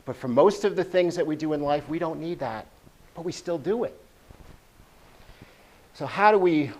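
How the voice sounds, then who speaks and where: A man giving a prepared motivational speech at a speaking club, earnest and repeating key phrases for emphasis. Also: on the high side.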